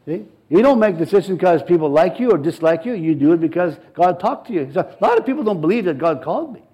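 A middle-aged man with a notably high voice preaches a sermon. He drives his points home with emphatic repetition and climbs in intensity as he goes. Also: sing-song, quick pace, dark tone, slightly rough, rough recording. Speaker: pastor.

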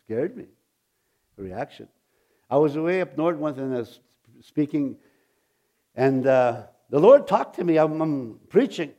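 A man, a pastor, telling a personal testimony in a rambling, halting way, with many restarts and chuckles. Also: a little high, big pitch swings, dark tone. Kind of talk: testimony storytelling.

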